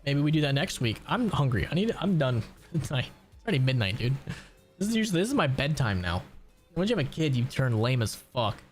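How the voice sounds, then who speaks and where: A man's voice: mid-range voice, sing-song, brisk, soft background music. A young man streaming a game, chatting casually with a crude, joking manner, answering chat and laughing often.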